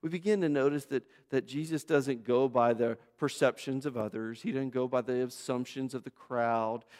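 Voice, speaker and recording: This man preaches as a pastor in a mid-range, darkish voice, keeping a fairly even intonation at a moderate pace. He repeats himself emphatically, piles up phrases, adds conversational asides and asks rhetorical questions, all echoing with the long reverb of a large hall.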